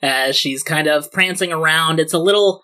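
A man narrating a tabletop game as game master, chatty and quick, often laughing. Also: fairly high pitch, bright, forceful tone.

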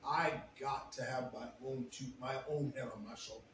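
A young man telling a long, profane story in a casual podcast chat, getting loud when he quotes himself. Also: medium pitch, fairly even intonation, normal speed. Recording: roomy echo, faint ambient noise.

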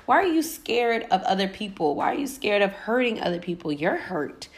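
A woman's voice: medium pitch, very animated, normal speed. A woman voicing her ancestors' spirits as sassy, loving elders who scold her into being brave. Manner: sassy and scolding, but encouraging.

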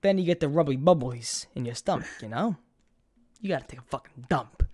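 A man's voice: medium pitch, expressive, brisk, darkish tone, husky. A man from New York telling a rambling, profane story in casual chat, with many restarts.

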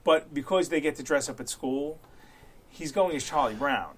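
A man's voice: on the high side, moderate pace, husky. A middle-aged man, co-hosting a casual chat and telling stories with a joking manner. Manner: storytelling, joking, laughs often. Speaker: podcast co-host.

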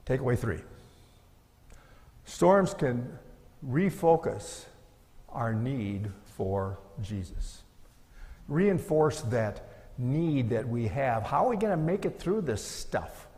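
A man's voice: mid-range voice, very animated, slow pace, pauses often, a little mellow, in a large hall. A middle-aged male pastor preaching a sermon in an earnest, conversational way, asking his listeners rhetorical questions.

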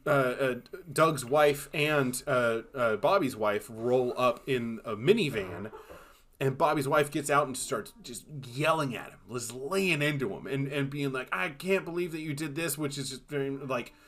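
A man's voice: medium pitch, a little slow. Guy cohosting a movie podcast, medium voice, swears a lot, does silly voices for quotes. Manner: animated, swearing, acts out quotes in exaggerated voices. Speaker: podcast co-host. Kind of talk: casual chat.

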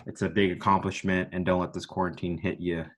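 A young man with a notably deep, low baritone talks at length as a podcast guest. He rambles and pokes fun at himself, now and then breaking into a booming announcer style. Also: level tone, fairly quick. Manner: rambling, self-deprecating, with sudden announcer-style bursts. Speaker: guest, student broadcaster. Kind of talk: casual podcast chat.

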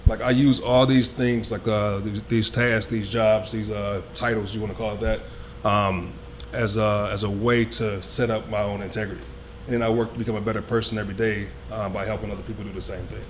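A man's voice: fairly low pitch, flat delivery, brisk, a little hiss or hum. Earnest, rambling male trainer. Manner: rambling, filler-heavy, earnest. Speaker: fitness trainer and coach. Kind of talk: panel discussion.

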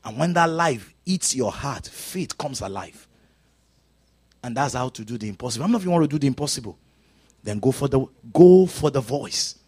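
A male preacher delivering a sermon in a church service, swinging from loud, rising exclamations down to hushed, whispered lines. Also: medium pitch, expressive, brisk, breathy edge. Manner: dramatic swings from shouting to quiet whispers.

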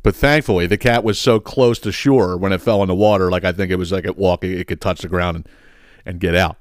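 A man's voice: sits low, fairly even intonation, fairly quick, no room sound, studio quality. A man hosting a podcast, ranting heatedly with plenty of profanity. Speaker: podcast host.

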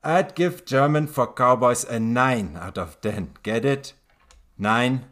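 A man voicing a drawling Montana cowboy who boasts and jokes slowly as a satisfied customer. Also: medium pitch, a bit bright. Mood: boastful. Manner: slow drawl, jokey.

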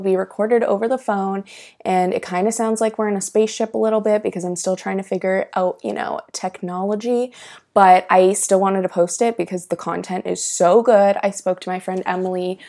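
A woman opens her podcast with a chatty, apologetic intro and slips in jokes as she goes. Her voice carries a gravelly fry in it. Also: mid-range voice. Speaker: podcast host. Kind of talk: recorded intro disclaimer.

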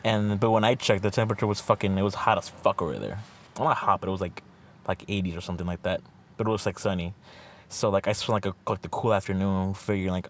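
A man's voice: sits low, fairly even intonation, quick pace, a little hiss or hum. A young man telling a rambling trip story in a casual podcast chat, packed with fillers and swearing. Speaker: podcast co-host.

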